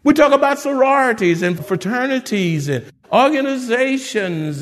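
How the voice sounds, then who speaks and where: A man's voice: very high voice, lively intonation, moderate pace, few pauses, big-room sound. A man preaching a fervent sermon as pastor and calling on the congregation for amens.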